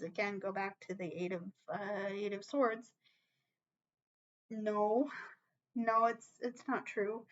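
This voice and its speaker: A woman reads tarot cards for her viewers in a relaxed, reassuring way, speaking slowly and checking in with them often. Her voice sits in a middle pitch. The recording is a little muffled and lo-fi. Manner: chatty, reassuring, talks straight to viewers with frequent "okay?". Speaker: tarot reader. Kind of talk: casual tarot reading to camera.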